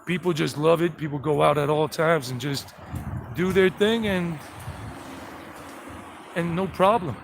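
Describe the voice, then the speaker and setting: A man's voice: a little high, a little slow, vocal fry, long pauses, noisy background. A man with a Southern US accent, from South Carolina and Georgia, walking outdoors and chatting rambly through a street tour while greeting viewers. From South Carolina and Georgia, USA. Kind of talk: live-streamed walking tour narration. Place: outdoors on residential streets with passing traffic.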